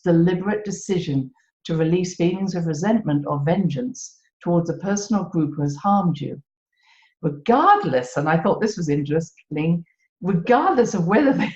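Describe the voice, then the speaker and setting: British woman podcast host, low voice, gentle and wry, echoey room, dull lo-fi sound. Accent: British English. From Britain. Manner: gentle, self-mocking, laughs often. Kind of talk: reflective solo podcast talk.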